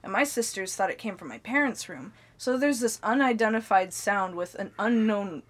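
A young woman co-hosts a casual podcast and drifts through her stories, dropping "like" into nearly every sentence. Her pitch sits at an ordinary middle height for a woman. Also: animated, normal speed. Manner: rambling storyteller, heavy on filler "like". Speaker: podcast co-host.

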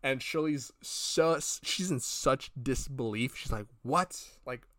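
Man, podcast co-host, casual rambling retelling, mid pitch, dry close sound. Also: slow pace, fairly bright tone, dry recording. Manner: rambling, retells scenes acting out characters' lines, swears casually. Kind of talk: casual review chat.

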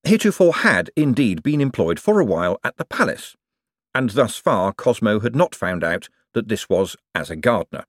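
Male audiobook narrator, animated storytelling with a very dry, close sound. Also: fairly low pitch, normal speed, no room sound.

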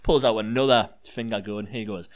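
A man's voice: fairly low pitch, moderate pace. A man casually recapping a wrestling show as a podcast co-host, swearing and laughing as he tells it. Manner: swearing, laughing, animated storyteller.

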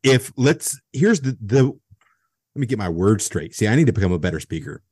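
A man with a slightly low voice hosts an interview podcast. He jokes with his guest and asks long, loosely built questions. The sound is dry and close, with no echo. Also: very animated, fairly quick, a little mellow, breathy edge. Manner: upbeat interviewer, playful banter, rambling questions. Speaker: podcast host. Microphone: podcast studio microphone.

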